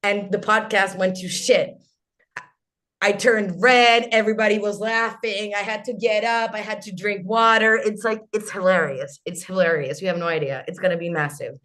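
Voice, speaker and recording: A woman's voice: mid-range voice, normal speed. A woman in her thirties from Chile, an English speaker, telling stories as a podcast guest on a video call, full of "like" and restarts. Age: 30s. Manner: animated storyteller, lots of "like" and restarts. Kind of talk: casual interview.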